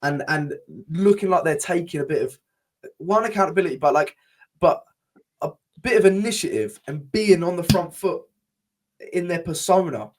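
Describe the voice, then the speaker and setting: This young co-host of a casual podcast speaks in a slightly high voice at a moderate pace. He's fired up and frustrated, swears liberally, and repeatedly starts his sentences over.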